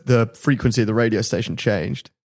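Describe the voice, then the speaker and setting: A man co-hosting a podcast, chiming in with quick jokes and interjections. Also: on the low side, a little mellow. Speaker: podcast co-host. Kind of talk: casual chat.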